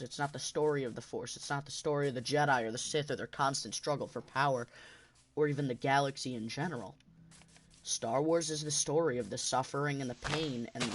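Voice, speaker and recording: Passionate rambling man, mid-pitched. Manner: passionate, rambling, restarts a lot. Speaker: gaming channel host. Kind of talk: casual rambling monologue while gaming.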